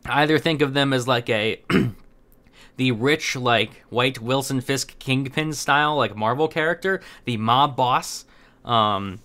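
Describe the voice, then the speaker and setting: A young man talking straight to camera in an offhand commentary, circling his points with plenty of ums and false starts. His voice has a bright, edgy tone and sits at an ordinary middle pitch. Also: takes it slowly. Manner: rambling, many fillers and restarts. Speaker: commentary host. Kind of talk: casual opinion commentary.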